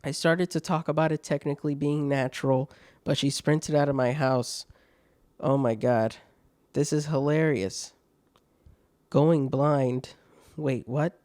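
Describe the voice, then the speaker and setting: Mellow-voiced man reading stories, laughing. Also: fairly high pitch, steady tone, unhurried, long pauses, dry recording. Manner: laughing, swearing, mocking asides. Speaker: podcast host. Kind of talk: reading online stories aloud with commentary.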